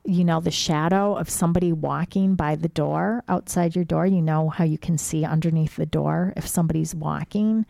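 Middle-aged woman, creaky low-ish voice, dry close sound, casual suspenseful storyteller. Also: fairly even intonation, normal speed, hardly any pauses, dark tone, no echo. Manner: suspenseful, conversational storytelling with frequent "like" fillers.

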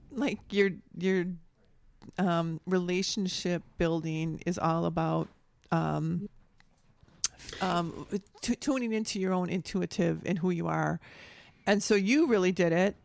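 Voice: medium pitch, fairly even intonation, a little slow, creaky, no room sound. An interviewer in a casual conversation, rephrasing questions with many fillers and checking understanding.

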